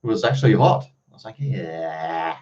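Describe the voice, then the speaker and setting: A man's voice: fairly low pitch, lively intonation, a little slow, darkish tone, dull audio. An Australian man live-streaming, chatting casually with viewers and answering their comments in a blunt, freely swearing way.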